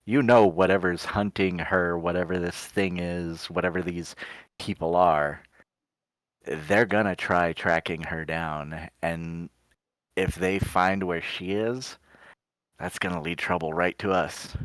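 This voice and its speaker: Slow deep-voiced man role-playing. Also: steady tone, a bit bright, no echo. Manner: unhurried, sets up each line with "he goes". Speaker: player voicing his character Gadri. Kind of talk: tabletop role-play, narrating and speaking in character.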